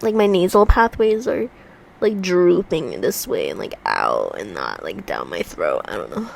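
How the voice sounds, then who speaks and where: Lively chatty woman with a stuffy nose. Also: low voice, a little slow, gravelly, a little hiss or hum. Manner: chatty, rambling storyteller. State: congested. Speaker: vlogger. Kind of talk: casual chat while doing a puzzle. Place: room at home by a heater.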